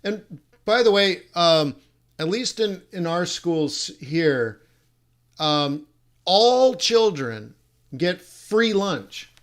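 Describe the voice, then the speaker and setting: A middle-aged man hosts a live-streamed trading lesson as a forex instructor, animated and joking as he teases viewers. He rambles with frequent laughs and restarts, speaking in a high-pitched voice with drawn-out words.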